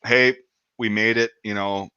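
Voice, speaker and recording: A man's voice: fairly low pitch, steady tone, a little slow, pushed and bright, clean tone, no echo, dull audio. A man in his thirties telling a rambling story in casual chat, swearing often and acting out quotes. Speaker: podcast host.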